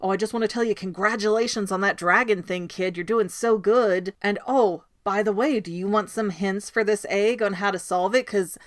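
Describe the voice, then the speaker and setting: A pushy, overly friendly male official, put on by a woman reading aloud, rattling off fast, wheedling offers. He sounds like a salesman working a mark. The voice stays close to a plain speaking voice. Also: medium pitch, dry recording, lightly acted. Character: pushy grown man, overly chummy official.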